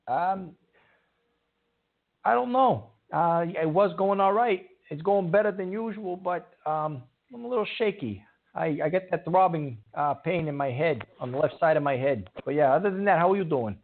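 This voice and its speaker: A gravelly, fairly high-voiced man runs a call-in show, emphatic and repetitive, scolding callers one moment and thanking them the next. The sound is thin and phone-like. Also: expressive, normal speed. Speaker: call-in radio host. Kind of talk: talk radio hosting. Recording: tinny phone-like audio.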